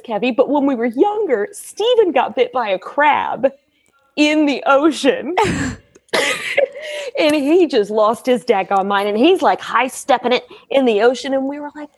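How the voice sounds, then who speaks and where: Woman, husky voice, bouncy pitch, animated storytelling, dry close recording. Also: no room sound. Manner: lively, laughing, acts out quotes.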